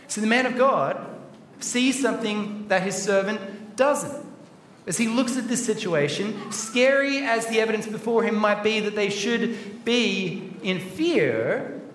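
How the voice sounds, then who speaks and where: A man with a high, bright-toned voice leads a children's Bible talk in a chatty, playful way. His voice rings around a roomy church hall with faint noise behind. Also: lively intonation, a little slow, recorded from a distance. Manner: playful and chatty, acting out the story.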